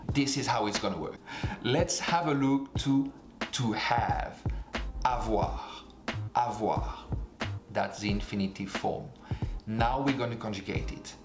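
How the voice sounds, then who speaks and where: French man, 20s, patient beginner teacher; slow delivery, roomy sound. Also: mid-range voice. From France. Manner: slow and patient, repeats each form. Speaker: language teacher. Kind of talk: beginner language lesson.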